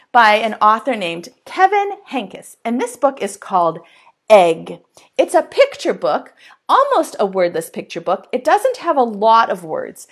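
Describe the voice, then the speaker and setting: A preschool teacher reads a picture book aloud to little children over a camera mic at home. Her voice sits high and swoops up and down in a singsong lilt. She takes her time, drawing out each word for the kids. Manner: slow, singsong storytime delivery with animated exclamations.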